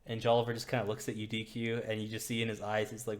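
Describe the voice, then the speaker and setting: A man's voice: on the low side, monotone, quick pace. A man narrating as game master of a tabletop game in a laid-back, rambling way.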